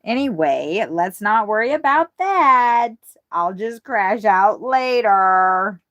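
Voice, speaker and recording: A woman chatting casually on a livestream from inside her RV, frazzled and swearing often, talking in quick, scattered bursts. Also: medium pitch, lively intonation, fairly bright tone, highs cut off.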